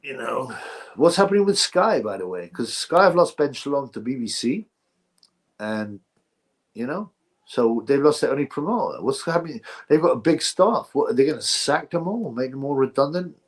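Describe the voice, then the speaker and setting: A man's voice: medium pitch, lively intonation, normal speed. Rambling sarcastic man streaming live. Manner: rambling, sarcastic, reads out chat. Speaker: livestream host. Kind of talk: casual livestream commentary.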